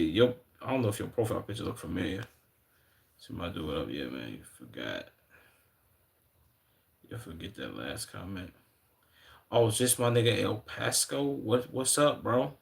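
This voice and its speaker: A young man with a low, gravelly voice riffs casually on a live stream, reacting to clips and greeting people in his chat. His talk is loose and slangy, full of asides and restarts. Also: a bit bright.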